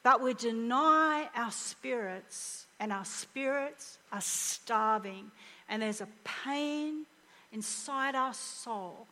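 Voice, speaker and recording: Middle-aged woman giving a chatty funny sermon, high voice, goes quiet to make a point. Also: slow, big-room sound. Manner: animated, humorous, dropping to a hushed voice for emphasis. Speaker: preacher. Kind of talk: conversational sermon.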